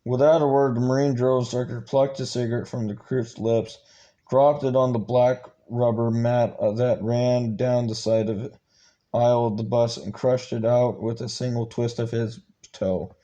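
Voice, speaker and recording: A man's voice: mid-range voice, flat delivery, moderate pace, warm tone, highs cut off. A man reading a book aloud, stumbling and restarting words often. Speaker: channel host reading a book.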